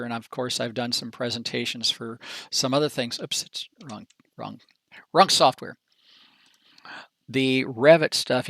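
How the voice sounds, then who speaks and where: A man giving a casual software training presentation in a folksy, chatty, animated way, with slangy asides. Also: medium pitch, no echo.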